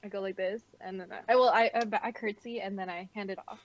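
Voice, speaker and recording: A woman's voice: mid-range voice, fairly even intonation, fast. Giggly woman player on a dull mic. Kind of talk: casual tabletop play.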